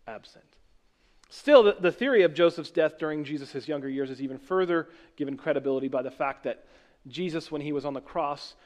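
Man, pastor, sermon, earnest, self-correcting, slightly high voice. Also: a little mellow.

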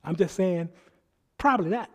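Preaching at a moderate pace in a high voice, a male pastor alternates between soft, murmured remarks and forceful sermonizing. He acts out quoted lines by mimicking the people who said them.

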